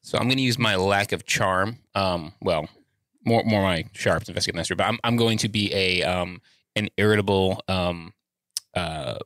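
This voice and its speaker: Low bright-voiced man playing a tabletop game. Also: normal speed, dry recording, studio quality. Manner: joking, hesitant with many fillers. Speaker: player. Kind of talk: casual tabletop game play.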